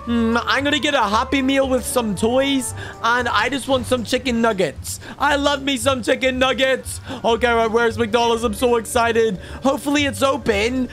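Man playing a greedy little toddler, very high squeaky voice, game music faint underneath. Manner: high babyish voice, excitable gaming chatter. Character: mischievous toddler boy, excitable and greedy. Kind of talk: gameplay commentary in character.

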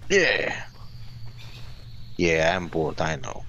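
A man's voice: deep voice, sing-song, takes it slowly, creaky, fairly bright tone, breathy edge, dull audio. A man giving casual, jokey gameplay commentary and talking back to the characters on screen. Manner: jokey, talks to game characters. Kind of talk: casual let's-play commentary.

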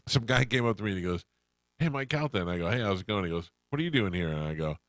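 A middle-aged man hosts a radio show, rambling through a story and playing every person in it. His voice sits very low. The studio sound is dry and close. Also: lively intonation, rapid-fire, no room sound. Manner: rambling anecdotes, acts out quoted voices. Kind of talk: casual storytelling chat.

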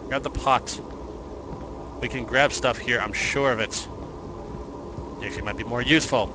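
A man's voice: medium pitch, fairly even intonation, moderate pace, long pauses, background noise. A man giving horror game commentary, narrating his own moves with joking asides to himself. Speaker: let's play host.

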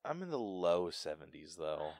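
A man's voice: low voice, normal speed, no echo. A man co-hosting a podcast, chatting casually about a film and acting out lines from it with laughter. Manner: animated, laughing, acts out quoted lines. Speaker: podcast co-host. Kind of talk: casual movie review chat.

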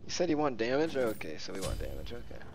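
A young man commenting live on his own video game match, joking and cursing, with a middling pitch and sudden excited shouts. A steady background noise sits under his voice. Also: fast talker, vocal fry. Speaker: gamer streaming his match.

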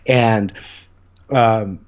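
A man's voice: lowish voice, fairly even intonation, very slow, highs cut off. A young man as an interview guest, telling stories in a rambling, eager way, full of fillers. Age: young adult. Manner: rambling, many "like" fillers, enthusiastic storytelling. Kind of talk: casual conversation.

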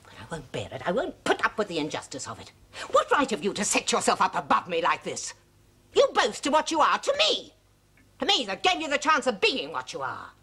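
A woman's voice: mid-range voice, wildly swooping pitch, brisk, bright, forceful tone, breathy edge, exaggerated voice. A blustering, pleading mother. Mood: indignant. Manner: emotional, swinging between bluster and pleading. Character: worldly mother pleading with her cold daughter. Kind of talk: period film drama acting. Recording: old film soundtrack with faint hiss.

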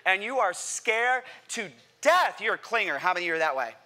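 A man preaching a sermon to a church congregation, animated and playful, asking the crowd questions and acting out what people say. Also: high voice, brisk. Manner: animated, playful, acts out quotes; addresses congregation directly with questions. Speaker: pastor. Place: church sanctuary.

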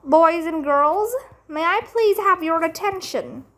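A polite rich father from a storybook, formal and announcing, as a woman reads him aloud. The voice stays high for a man and measured in pace. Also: a bit bright, exaggerated voice.

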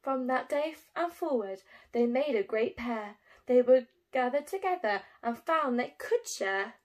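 A woman teacher reading a rhyming picture book aloud to young children in an expressive, sing-song way. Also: on the high side, measured pace.

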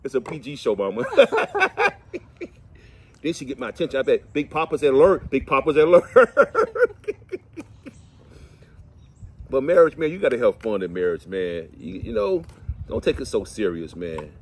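A middle-aged man, chatting and telling folksy, animated stories to the camera outdoors while cleaning fish. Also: medium pitch, fast talker, husky. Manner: folksy, animated, preachy asides. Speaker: vlog host. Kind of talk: casual storytelling chat.

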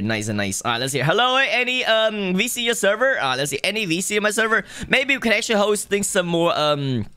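A man's voice: fairly high pitch, bright, forceful tone, clear, resonant tone, no echo. A young man live-streaming a game, chatting casually and greeting viewers in the chat one after another.

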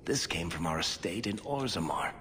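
An actor voicing a wry, confident male dwarf companion in a video game, lively and pressing. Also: sits low, normal speed, long reverb tail, slight background noise. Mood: earnest.

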